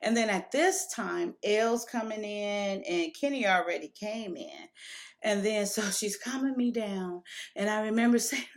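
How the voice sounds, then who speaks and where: A woman's voice: medium pitch, animated, measured pace. A woman telling a personal story to camera in a candid, casual way, stopping and restarting as she remembers. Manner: candid, emotional retelling with frequent restarts.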